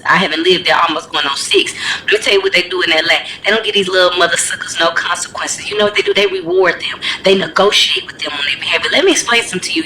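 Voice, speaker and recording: A woman ranting to camera in a casual vlog, telling the story in an animated, blunt and profane way. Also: medium pitch, slight background noise, low-quality recording. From United States. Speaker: vlogger.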